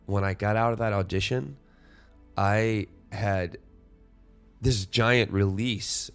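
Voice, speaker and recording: Male podcast host, 40s, deep smooth voice, reflective and rambling, faint music underneath. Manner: rambling, self-correcting, reflective.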